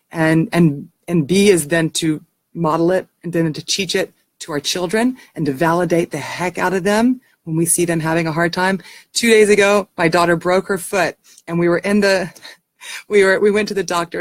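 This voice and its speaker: A woman's voice: lowish voice, fairly even intonation, brisk, dry recording. Earnest woman talking to camera. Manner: earnest and heartfelt; frequent restarts. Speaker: parenting teacher. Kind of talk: casual talk to camera.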